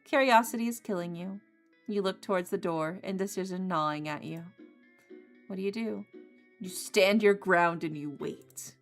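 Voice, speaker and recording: A woman's voice: medium pitch, moderate pace, soft background music. A woman streamer reading a visual novel game aloud in a casual, playful way. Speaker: gaming streamer.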